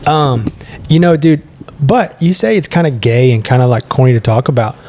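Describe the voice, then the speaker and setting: A man's voice: mid-range voice, normal speed, darkish tone, slight background noise. A young man co-hosting a podcast in casual chat, rambling and earnest, laughing between thoughts. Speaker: podcast co-host.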